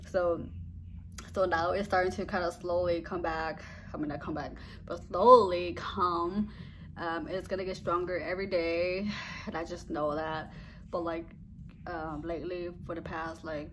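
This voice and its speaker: A woman's voice: fairly low pitch, noisy background. A young woman vlogging a casual story, rambling and giggly, often trailing off with "blah, blah, blah.".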